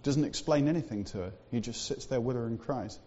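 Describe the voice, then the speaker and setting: A man's voice: medium pitch, fairly quick, dark tone, muffled recording, slight background noise. Man preaching a conversational church sermon. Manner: conversational preaching with frequent fillers and asides.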